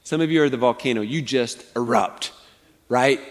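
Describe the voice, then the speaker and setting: A man preaching a sermon as pastor, conversational and animated, often asking his congregation "right?". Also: mid-range voice, moderate pace. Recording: long hall reverb.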